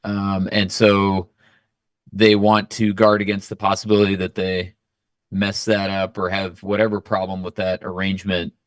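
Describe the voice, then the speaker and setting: A man, a guest on a chat stream, explaining his reasoning in a thoughtful, measured way. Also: sits low, completely flat delivery, clear, resonant tone, dry recording, clean studio sound. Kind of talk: casual chat.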